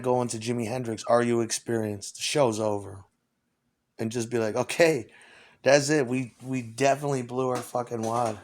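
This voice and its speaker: Hoarse, foul-mouthed rambling man. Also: mid-range voice. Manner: animated, swears constantly, acts out exchanges. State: hoarse from weeks of screaming. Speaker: touring singer. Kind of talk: rambling profane storytelling.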